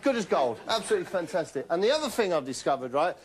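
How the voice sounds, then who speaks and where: A man delivers a deadpan comic monologue as a show's host, wandering from thought to thought and checking in with "right?" as he goes. His voice sits a touch high for a man. A faint hiss runs under the recording. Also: quick pace. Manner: rambling, keeps tagging lines with "right?". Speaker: comedy show host.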